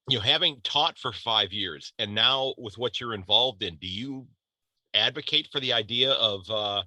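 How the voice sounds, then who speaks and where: A man's voice: mid-range voice, sharp tone, no echo. An American man in his fifties hosting a casual podcast chat, talking loosely with frequent restarts. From United States. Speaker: podcast host.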